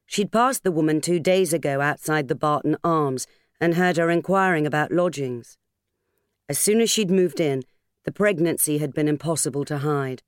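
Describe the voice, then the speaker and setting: A woman reading an audiobook in a measured, expressive narration, recorded on a studio microphone. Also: deep voice, no room sound. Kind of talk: scripted narration.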